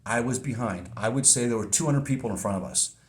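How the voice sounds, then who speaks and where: A man's voice: mid-range voice, fast talker. A middle-aged man hosting a podcast, talking in a casual, rambling monologue with frequent restarts. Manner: rambling, repeats words and restarts. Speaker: podcast host.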